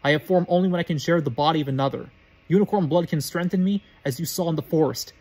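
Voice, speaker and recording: Cold snake-faced dark wizard, slow deliberate menace, husky tone, a man doing the voice. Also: fairly high pitch. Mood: menacing.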